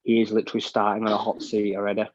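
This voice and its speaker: A man's voice: on the low side, monotone, racing, dry recording. A British man co-hosting a podcast, giving blunt, opinionated takes in casual chat that rambles with restarts. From United Kingdom. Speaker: podcast co-host. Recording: dull, dry lo-fi mic sound.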